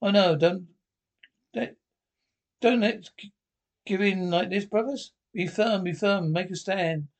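A man's voice: sits high, slow pace, pauses often. An actor playing a lazy, trouble-stirring male union representative in a 1970s British film comedy, pleading in a whining way.

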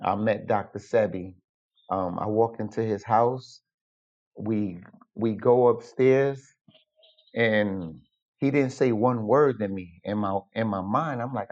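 A man's voice: on the low side, takes it slowly. A man casually telling a personal story, acting out the dialogue as he goes. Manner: animated, retells with quoted dialogue. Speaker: guest storyteller. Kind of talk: casual anecdote. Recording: dull lo-fi recording.

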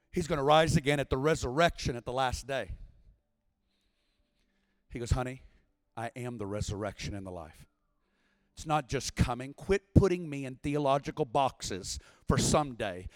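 A man preaching a sermon at a church service, impassioned, building to shouts and sing-song cadences. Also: mid-range voice, expressive, normal speed, dry recording, long reverb tail. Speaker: guest preacher.

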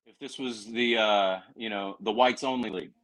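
Earnest Southern man, lowish voice. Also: steady tone, moderate pace, a bit bright, poor audio. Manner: earnest, rambling with many restarts. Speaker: podcast guest. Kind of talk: casual podcast chat.

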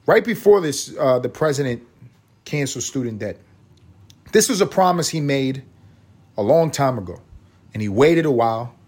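A man's voice: mid-range voice, lively intonation, normal speed, long pauses, a little mellow, slightly rough. A man hosting his own podcast, ranting in a profane, sarcastic and rambling way. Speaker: podcast host. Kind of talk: casual rant.

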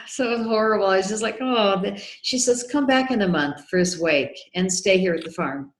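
Woman guest telling a story in a low voice; recorded in an echoey room. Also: fairly quick, few pauses. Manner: animated, acts out quoted dialogue. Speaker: guest, documentary filmmaker. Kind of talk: storytelling in a podcast interview.

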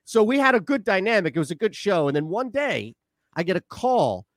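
A man from Philadelphia with a somewhat high voice tells a story on a sports radio show. His studio sound is dry and close, and he delivers the story in a loose, animated way. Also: a little fast, dry recording. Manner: animated anecdote-telling with laughs. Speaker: radio co-host.

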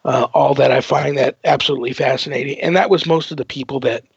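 A man's voice: mid-range voice, steady tone, fast, vocal fry, slightly rough, no room sound. A man hosting a radio talk show, chatting casually and rambling with many fillers. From United States. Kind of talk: casual radio interview chat. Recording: dull dry lo-fi broadcast audio.

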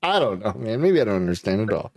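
A man's voice: fairly low pitch, big pitch swings, fast talker, dry recording, clean studio sound. A man chatting casually as a podcast host, rambling, laughing often and swearing a lot. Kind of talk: casual chat.

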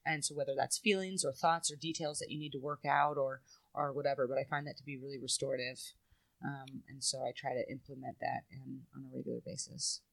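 A woman's voice: extremely low pitch, steady tone, a little fast, creaky, no room sound. A woman talking in a casual, reflective, rambling way as a guest, swearing now and then. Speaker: podcast guest. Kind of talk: casual chat.

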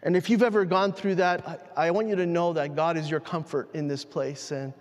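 A man with a high voice preaches a sermon, telling a personal story in a halting, heartfelt way and often restarting his sentences. His voice rings with long reverb in a large hall. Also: steady tone. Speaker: pastor.

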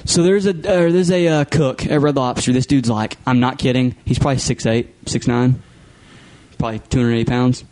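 A young man co-hosting a casual podcast, talking at a middle pitch. He tells stories with a lot of animation, and his voice jumps sharply upward whenever he quotes someone. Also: fairly quick. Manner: animated storyteller, jumps high when quoting people. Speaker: podcast co-host. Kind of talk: casual chat.

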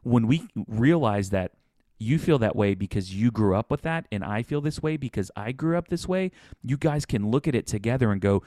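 A man co-hosting a casual podcast conversation, talking in a relaxed way that often restarts and repeats words. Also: mid-range voice, moderate pace, no room sound, clean studio sound. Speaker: podcast co-host.

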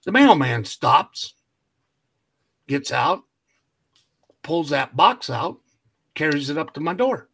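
Bright-voiced man telling a story. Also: on the high side, slow pace, gravelly, pauses often, breathy edge. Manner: animated storyteller acting out quoted dialogue, laughs often. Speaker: podcast co-host. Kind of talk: casual storytelling chat.

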